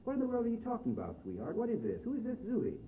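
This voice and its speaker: A man's voice: very high-pitched, wildly swooping pitch, voice pushed up, heavily acted. A man doing a fussy, mock-puzzled man on the phone. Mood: mock-bewildered. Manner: mock-bewildered, fussy, quick. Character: young man faking a fussy older relative's voice. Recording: echoey, phone-like, faint hiss.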